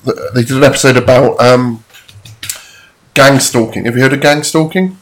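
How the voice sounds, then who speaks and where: Brief: male podcast co-host, mid-pitched, amused, rambling delivery. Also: moderate pace. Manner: rambling, amused, many ums and restarts. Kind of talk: casual chat.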